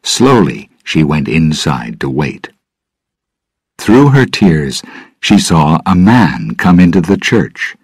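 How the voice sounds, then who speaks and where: A man slowly narrating a graded-reader story for English learners. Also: extremely low pitch, very animated, breathy edge, dry recording.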